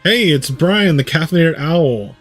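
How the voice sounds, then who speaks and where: A man's voice: on the high side, animated, unhurried, fairly bright tone. Man game streamer, rambles and thinks aloud, condenser mic, faint game music underneath. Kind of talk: casual live gameplay commentary. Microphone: studio USB condenser mic.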